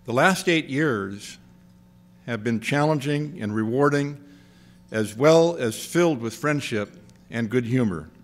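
An older man, the institute's outgoing president, gives an after-dinner speech in a medium-pitched voice. He is measured and gracious, with touches of dry humor.

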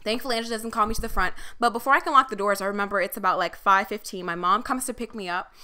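A young woman co-hosting a podcast, telling a story in a casual, animated way, laughing often and swearing freely. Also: mid-range voice, racing. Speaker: podcast co-host.

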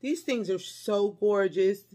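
A woman's voice: mid-range voice, takes it slowly, dark tone. A middle-aged woman chatting to her viewers as she unboxes a haul, gushing and effusive, breaking into delighted squeals. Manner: chatty, calls viewers y'all and honey. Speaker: haul vlogger. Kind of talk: casual unboxing chat to viewers.

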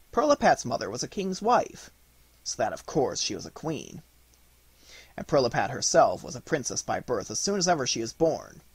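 A man narrating a classic storybook aloud in an expressive, lively way. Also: medium pitch, husky, no echo. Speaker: audiobook narrator.

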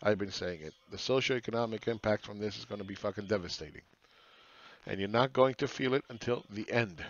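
A man's voice: fairly low pitch, fairly quick, dull audio. A man hosting a casual monologue on the economy, talking bluntly with profanity and rhetorical questions. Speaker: market analyst host.

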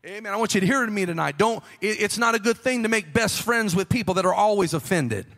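A man preaching a Pentecostal sermon with a fervent, rhythmic delivery that builds to shouting. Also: sits high, quick pace, gravelly, long reverb tail. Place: church sanctuary.

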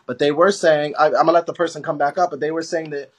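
A man with a husky voice hosts a live stream in a casual, excitable way. He breaks in with quick bursts of questions and profanity, coaxing his guest to keep talking. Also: fairly high pitch. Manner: excitable, cursing, talks over in bursts.

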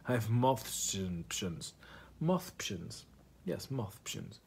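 Husky man rambling comic monologue. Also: on the low side, expressive, moderate pace, few pauses, fairly bright tone. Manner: meandering, profane and absurd. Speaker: comedian vlogger.

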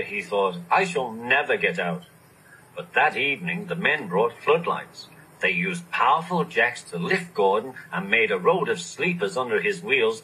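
A man reading a children's storybook aloud, expressive and animated. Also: fairly low pitch, husky, rough recording. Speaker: narrator.

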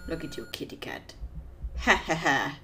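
A woman's voice: low-pitched, expressive, normal speed, bright, forceful tone, faint music behind. A woman casually commenting on an old adventure game as she plays and reads its text aloud. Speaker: let's play gamer. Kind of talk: casual let's play commentary.

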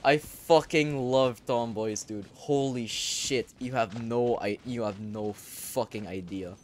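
A young man giving casual gameplay commentary, crude and excitable, breaking into sudden loud outbursts. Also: mid-range voice, slow, a little hiss or hum. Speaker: gaming YouTuber. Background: faint game music.

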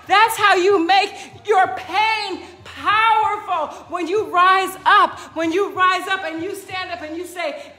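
A woman fitness coach giving an energetic, emphatic motivational pep talk, laughing often and whooping. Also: very high-pitched, a little slow, hardly any pauses. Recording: roomy echo.

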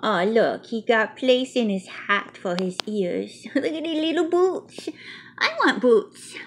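Woman voicing a chatty little mouse, childlike storybook reader, high squeaky voice, bouncy swooping tone, unhurried. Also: lively intonation, slight background noise. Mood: cheerful. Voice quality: childlike, playful, broken grammar. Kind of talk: reading a picture book aloud.

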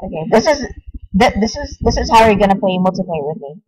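A young man giving casual, excitable commentary while playing a game. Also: sits high, fast, slightly rough, dry recording, poor audio. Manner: excitable, yelps and exclaims at game events. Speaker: gamer.

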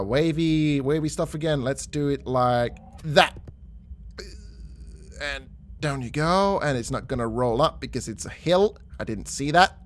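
A young man commentating his own mini golf game play, talking to himself and his viewers, gasping and yelling when shots go well or badly. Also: fairly high pitch. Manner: excitable, gasping and shouting at shots. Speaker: gaming YouTuber.

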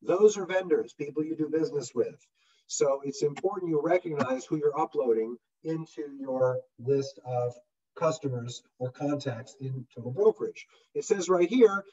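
A man's voice: fairly high pitch, normal speed, slightly rough. Man teaching over a dull distant call. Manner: animated, acts out customer voices. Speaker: real estate trainer. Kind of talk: webinar software walkthrough. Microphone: video call. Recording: dull lo-fi audio from far off the mic.

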